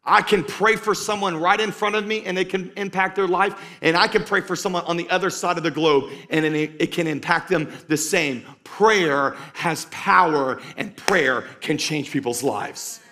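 Pastor, male, slightly high voice, live sermon in church, emphatic and repetitive. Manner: emphatic, repeats key lines for stress; shifts between loud urging and slow quiet emphasis. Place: church stage before a live congregation.

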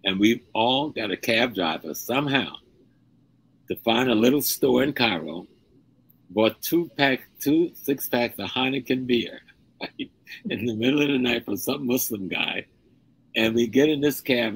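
An older man, a guest, telling a personal story at an unhurried pace, stretching key words. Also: mid-range voice, animated, gravelly, breathy edge, rough recording. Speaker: guest speaker. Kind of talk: storytelling in a live-streamed conversation.

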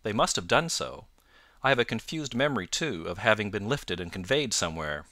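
A man voicing a shaken, excitable young male engineer in an audiobook, earnest and agitated. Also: on the low side, fairly quick, no room sound, clean studio sound. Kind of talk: audiobook narration.

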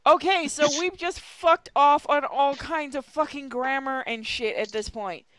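A woman's voice: high voice, measured pace, fairly bright tone, no room sound. A woman hosting a stream, reading a badly written story aloud with friends, swearing and laughing as she goes. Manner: giggly, swears a lot, breaks off to joke. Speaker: host reading a fan fiction aloud. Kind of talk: comedic dramatic reading on a live stream.

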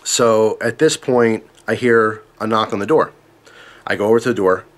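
A man's voice: on the low side, moderate pace, a bit bright. A man casually telling a story to camera, earnest and emphatic, repeating himself when tense.

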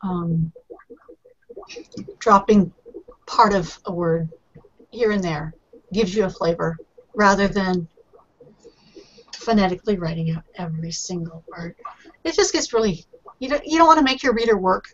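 A woman's voice: on the low side, unhurried, pauses often, slight background noise. A woman editor explaining writing craft in a casual panel discussion, talking in a chatty, explanatory way. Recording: muffled lo-fi recording.

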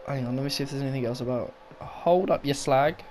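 A man's voice: mid-range voice, moderate pace, background noise. A young man doing let's play commentary, swearing often and muttering sarcastically to himself. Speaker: gaming YouTuber.

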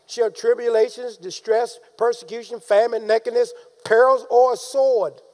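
A man preaching a sermon, calling out to the congregation and rising into shouted emphasis. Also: very high-pitched, steady tone, moderate pace. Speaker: pastor.

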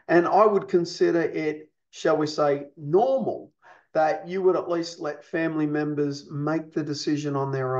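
A man with a fairly high, slightly mellow voice teaches a counselling lesson, heard through dull audio. He explains things step by step and keeps checking in with listeners by asking "you see?" and "okay?".

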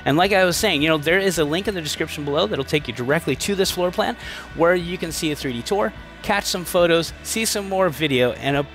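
A man's voice: a little high, a little fast, fairly bright tone, faint music behind. An enthusiastic man hosting a casual walkthrough of a home, chatty and upbeat, stumbling into restarts now and then. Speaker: home tour host. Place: inside a manufactured home at a show.

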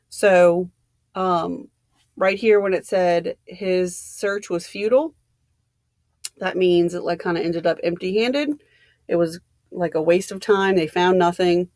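A woman's voice: fairly low pitch, slow pace, a little mellow, dry recording, studio quality. A woman reading a novel aloud and stopping to explain it casually, with fillers like "um" and "like".

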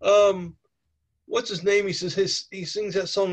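A man's voice: high voice, fairly even intonation, a little slow. A man with a cold narrating a tabletop game as game master in a chatty way. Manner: chatty, with many fillers and okays. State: has a cold.

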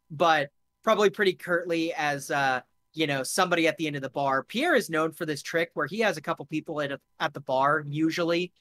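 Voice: mid-range voice, fairly bright tone, no echo. Game master, casual narration, swears, fillers, dry sound. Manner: casual and profane with many fillers.

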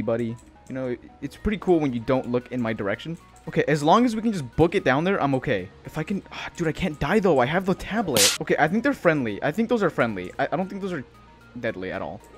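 Jittery swearing young-sounding gamer guy. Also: a little high. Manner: jittery, swears often, keeps saying dude and bro. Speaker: gaming channel host. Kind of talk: let's-play commentary.

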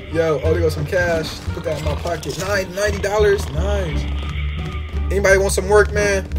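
A man giving casual, excitable game commentary, full of slang and trash talk aimed at the characters on screen. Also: high voice. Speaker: gaming YouTuber.

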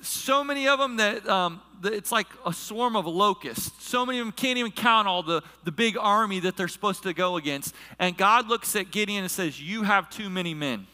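A man's voice: sits high, normal speed, few pauses, sharp tone, clean tone. A middle-aged male pastor preaching a sermon, telling a personal story and acting out the people in it. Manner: storytelling, acts out quoted voices. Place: large church hall. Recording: long reverb of a large hall.

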